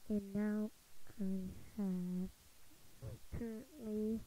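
Excitable young-sounding woman, slow and mellow. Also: medium pitch, a little hiss or hum, poor audio. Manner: excitable, gushing, repeats exclamations. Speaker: gaming video creator. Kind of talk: casual gameplay commentary.

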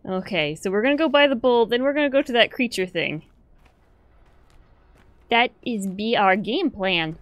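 A woman gamer giving playful let's play commentary, swearing now and then and breaking into excited squeals. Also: medium pitch, a little slow, no echo. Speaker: gamer playing a story game.

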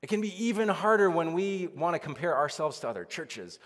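A man preaches a relaxed, talky sermon. He peppers it with "like" and plays out little conversations. His voice rings through a church sanctuary with a long echo. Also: fairly high pitch, brisk. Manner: casual, chatty preaching with many "like"s and acted-out quotes. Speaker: pastor.

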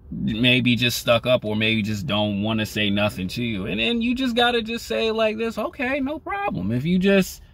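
A young man vlogging casually to the camera, rambling with many "you know" fillers in a laid-back conversational way. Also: a bit bright. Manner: laid-back and conversational, pitch rises when acting out lines.

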